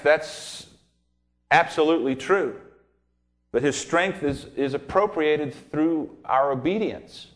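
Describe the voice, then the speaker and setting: A man preaching a sermon to his congregation, teaching verse by verse and acting out the voices in his anecdotes. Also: medium pitch. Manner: addresses congregation directly with questions.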